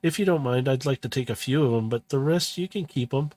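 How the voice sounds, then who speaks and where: A man voicing a small, practical female robot tinkerer in a tabletop role-play game, brisk and matter-of-fact. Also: medium pitch, a little mellow, natural voice.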